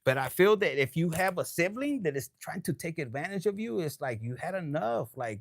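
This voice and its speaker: A man reads tarot live in a loose, profane, slightly tipsy ramble, sprinkling in Spanish. His voice sits a little high and is gravelly with fry. The sound is dry and close. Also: expressive, a little fast, few pauses, no echo. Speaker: tarot reader. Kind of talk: casual live tarot reading.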